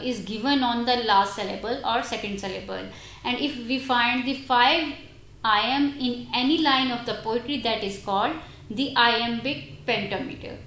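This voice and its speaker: A woman giving a recorded university lecture on English literature, halting and restarting her explanations as she speaks directly to her students. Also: high-pitched, fairly bright tone. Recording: roomy echoey recording.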